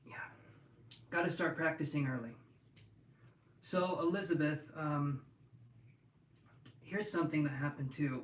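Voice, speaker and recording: A man with a slightly high voice rambles through a casual live-stream chat, addressing his viewers directly and restarting his sentences often. His voice rings in an echoey room and sounds set back from the mic. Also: far from the mic, slight background noise. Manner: rambling, talks straight to viewers, with many restarts. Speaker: tarot reader hosting a live stream.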